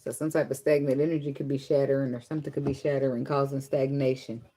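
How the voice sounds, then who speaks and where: A woman giving a casual tarot reading, joking and swearing freely and singing along softly between cards. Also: very deep voice, fairly even intonation, quick pace, hardly any pauses. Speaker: tarot reader.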